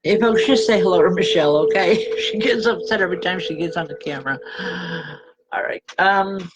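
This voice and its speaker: A woman reverend giving live spirit readings to viewers, speaking gently and haltingly and calling people by name. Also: on the low side, background noise.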